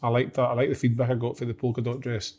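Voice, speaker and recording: A man's voice: mid-range voice, completely flat delivery, fast, darkish tone, breathy edge. A Scottish man in a podcast chat, dropping dry jokey asides. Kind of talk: casual chat.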